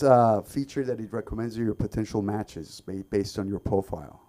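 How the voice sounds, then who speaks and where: A man from the Middle East performing an open mic stand-up set, with lots of ums and bursts of loud shouting. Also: on the low side, normal speed, few pauses. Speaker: stand-up comedian. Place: comedy club stage.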